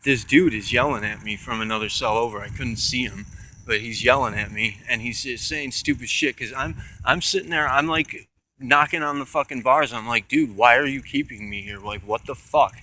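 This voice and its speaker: A man's voice: mid-range voice, pushed and bright, poor audio. A young man telling a personal story in a rambling, profane way, full of restarts and asides. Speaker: channel host.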